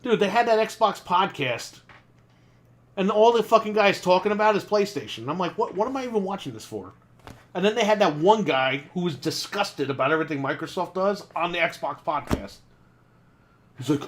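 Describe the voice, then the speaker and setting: A man's voice: high voice, lively intonation, normal speed, a bit bright. A man co-hosting a gaming podcast, ranting casually, in a heated and profane way. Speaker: podcast co-host. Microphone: desk microphone.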